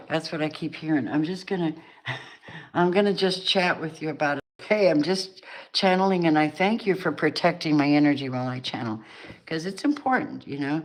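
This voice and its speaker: A woman's voice: low voice, moderate pace. A middle-aged woman doing a casual, chatty tarot reading, laughing often and acting out the people she sees in the cards. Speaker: tarot reader.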